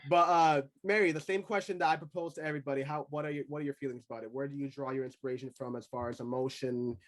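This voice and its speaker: A mid-pitched podcast host runs a loose panel with crude jokes and frequent laughter, then turns to put questions to the guests. The delivery is relaxed and casual. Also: fast talker. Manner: joking, crude, laughs often.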